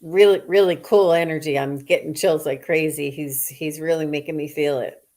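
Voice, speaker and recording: A woman gives a psychic reading live, gushing and emotional, and she repeats her phrases as she goes. Her voice sits a bit low. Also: steady tone, moderate pace, a little mellow. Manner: effusive, repetitive, emotional. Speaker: psychic medium co-host.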